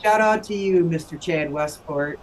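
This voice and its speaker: A man's voice: on the high side, moderate pace, noisy background. A male host, joking and laughing often in a casual chat.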